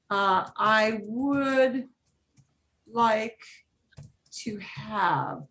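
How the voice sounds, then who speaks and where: A woman's voice: fairly high pitch, extremely slow, pauses often, fairly bright tone. A woman teaching a beginners' Spanish class over a video call, explaining patiently and repeating phrases.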